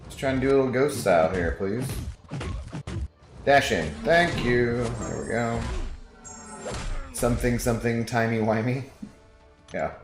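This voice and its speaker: A man's voice: medium pitch, expressive, unhurried, long pauses, reverberant, over music. A man streaming a video game, chatting casually and jokingly with viewers and reading their messages aloud.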